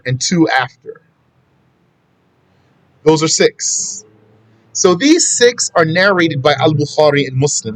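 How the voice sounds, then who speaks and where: A man's voice: on the high side, no room sound. A man teaching a classroom lesson on prayer, explaining step by step and reciting Arabic quotations before translating them. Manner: plain conversational teaching with asides to students. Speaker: Islamic studies teacher. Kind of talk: classroom lesson on a law text.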